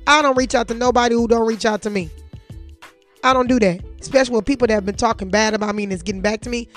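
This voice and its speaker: A woman's voice: a little high, steady tone, fast, a bit bright, faint music behind. A young woman telling a story to her viewers, blunt and profane, speaking straight to her audience. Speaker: vlogger. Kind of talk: casual storytime chat.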